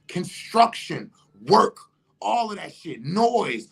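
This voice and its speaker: A man's voice: mid-range voice, lively intonation, a little slow. Profane, emphatic man in spoken monologue. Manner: profane, emphatic, rising to shouts. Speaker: monologue speaker.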